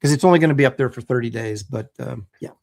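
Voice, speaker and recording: A middle-aged man chatting casually as the host of a livestream. His voice sits at an ordinary middle pitch, and his talk is loose and rambling, full of ums and uhs. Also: fast, gravelly, darkish tone. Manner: chatty, loose, lots of fillers.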